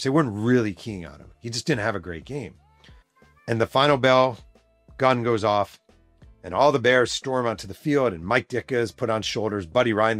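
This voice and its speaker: A podcast host and author with a lowish voice tells a story in a casual, emphatic, animated way, swearing plenty as he goes. The recording has no room sound.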